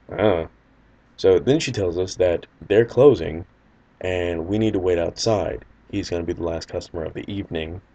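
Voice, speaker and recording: A man's voice: low-pitched, warm tone. A man casually telling a personal anecdote in a loose, rambling, wry way. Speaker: storyteller.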